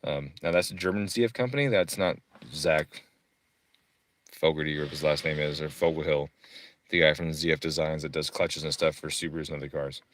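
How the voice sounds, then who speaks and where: A man's voice: a bass voice, fairly even intonation, fairly bright tone. A man casually walking through a tuning website, cursing freely and breaking into irritated rants. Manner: profane, quick to rant. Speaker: car tuner and streamer. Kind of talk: casual profane screen walkthrough.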